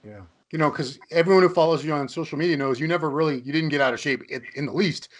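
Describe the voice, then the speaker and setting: A man's voice: a little high, quick pace. A man hosting an interview, chatty and joking, asking long rambling questions. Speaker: interview host. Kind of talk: casual interview chat.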